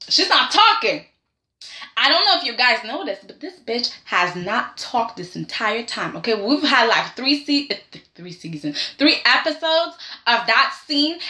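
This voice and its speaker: A young woman recapping a soap opera in a casual, sassy and animated way, acting out the characters' lines. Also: high-pitched, reverberant.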